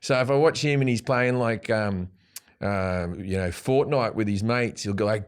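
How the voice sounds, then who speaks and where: Rambling Australian comedian guest. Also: male voice, medium pitch, unhurried, clean tone. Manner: loose, rambling anecdotes with frequent restarts. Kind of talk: casual interview chat. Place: podcast studio.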